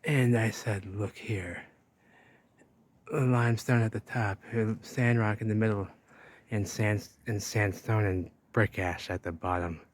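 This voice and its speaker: Flat-voiced man rambling on a walk. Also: lowish voice, unhurried. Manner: rambling, talks to viewers while walking. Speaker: vlogger. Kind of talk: walking explorer vlog. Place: outdoors by a river wall.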